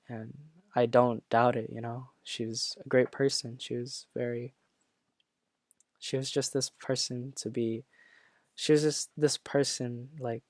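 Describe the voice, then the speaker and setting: A young man speaking earnestly and haltingly about a schoolmate, with many fillers and restarts, getting choked up at times. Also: mid-range voice, a little mellow, no room sound. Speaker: former classmate sharing memories. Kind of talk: personal reflective talk.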